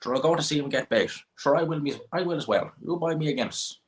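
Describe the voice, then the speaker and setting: A man voicing a nosy old Midlands Irish farmer, set in his ways, in a high, sing-song put-on brogue with blunt pub-talk gossip. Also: lively intonation, fast, close to an everyday voice. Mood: gossipy. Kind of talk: comic impression on a livestream.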